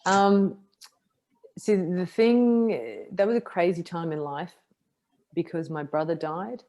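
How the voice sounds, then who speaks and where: A woman's voice: on the low side, slow. A middle-aged woman, a podcast guest telling a personal story frankly and with a self-deprecating edge. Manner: frank, self-deprecating, animated retelling with acted quotes. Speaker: podcast guest, martial artist. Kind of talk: candid interview storytelling.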